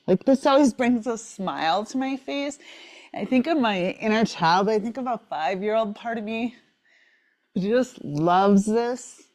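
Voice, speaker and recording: A woman teaching a yoga class while moving along with it, out of breath, encouraging and relaxed, often repeating "right?" and "maybe you're here.". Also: a little high, measured pace. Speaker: yoga instructor. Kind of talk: guided yoga class instruction.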